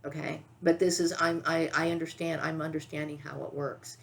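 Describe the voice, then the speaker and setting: Gravelly-voiced middle-aged woman ranting. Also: low-pitched, level tone, brisk, slight background noise. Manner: agitated, repetitive, keeps asking "okay?". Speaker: vlogger. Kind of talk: rambling direct-to-camera monologue.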